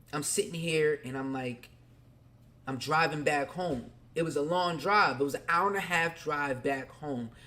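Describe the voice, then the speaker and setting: A man hosting a podcast, telling a personal story candidly in casual slang, talking straight to his listeners and swinging between quiet and loud. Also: on the high side. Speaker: podcast host.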